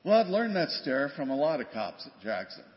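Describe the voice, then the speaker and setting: An older man recounts his rookie police days in plain, conversational storytelling, slipping into bits of quoted dialogue. His voice sits a little high. A long church reverb trails his words on a dull recording. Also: big pitch swings, normal speed. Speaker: guest speaker, former police officer. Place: church sanctuary.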